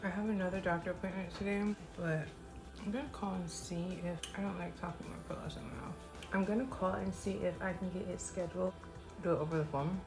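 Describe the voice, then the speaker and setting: Chatty, tired mom vlogging over music. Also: female voice, lowish voice, fairly even intonation, fast. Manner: chatty, upbeat, talks straight to camera. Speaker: vlogger, mother of four. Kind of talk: casual vlog chat.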